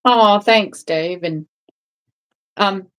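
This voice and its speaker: A woman's voice: medium pitch, drawn-out words, a bit bright, clear, resonant tone. A woman, a guest on a casual live-stream chat, talking in a rambling way with many restarts and tag questions. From England. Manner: rambling, restarts often, asks "right?".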